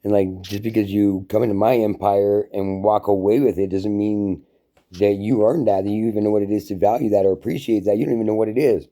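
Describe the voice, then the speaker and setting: Man, low very dark voice, rambling profane rant, solo vlogger. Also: steady tone, brisk. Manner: profane, heated, storytelling. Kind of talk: casual monologue rant.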